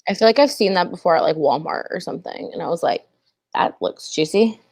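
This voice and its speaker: A woman's voice: fairly low pitch, lively intonation, a little fast, gravelly, a little mellow, husky, no room sound, studio quality. A young woman hosting a livestream, chatting casually and laughing often, filling her talk with "like". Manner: chatty, giggly, full of "like". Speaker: stream host.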